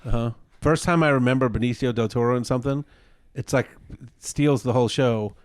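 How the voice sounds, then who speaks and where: A man's voice: mid-range voice, brisk. A man co-hosting a casual podcast, laid back and profane, recounting movie scenes. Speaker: podcast co-host. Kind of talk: casual chat.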